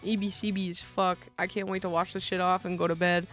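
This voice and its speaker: A woman's voice: on the low side, level tone, a little fast, fairly bright tone. Young woman streamer, slangy, swears a lot, casual gaming chat, faint music behind. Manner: loose, profane and slangy.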